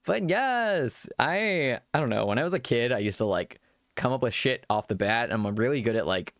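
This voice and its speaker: A man's voice: mid-range voice, lively intonation, normal speed, a bit bright, dry recording, clean studio sound. A man chatting casually on a live stream, rambling at length and thanking viewers as they follow.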